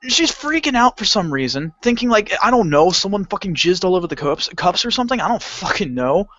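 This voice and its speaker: A man's voice: high voice, fairly quick. Swearing young man telling a work story. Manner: animated storyteller, swears a lot, acts out customers. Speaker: podcast co-host. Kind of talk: casual chat. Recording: dull lo-fi home recording.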